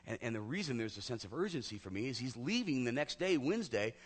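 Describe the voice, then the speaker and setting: A male pastor telling a personal story in a sermon, talking conversationally and often dropping to a hushed near-whisper. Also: mid-range voice, big pitch swings, fast talker. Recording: long hall reverb.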